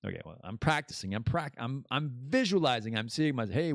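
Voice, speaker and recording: Chatty, lively man hosting a podcast. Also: mid-range voice, a little fast, vocal fry, hardly any pauses, dry recording, studio quality. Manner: rambling, joking, chatty. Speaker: podcast host. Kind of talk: casual live-stream chat.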